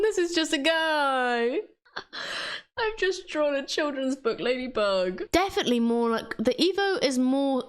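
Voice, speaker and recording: A woman chatting casually while she draws, joking at her own efforts and laughing often. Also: a little high. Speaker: art vlogger. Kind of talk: casual drawing commentary.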